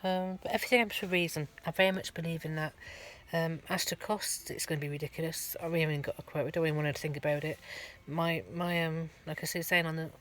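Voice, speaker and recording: A woman's voice: sits low, fairly even intonation, quick pace, few pauses, a bit bright. A middle-aged woman, giving a rambling, chatty vlog update from her van at a garage, full of ums and restarts. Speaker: van life vlogger.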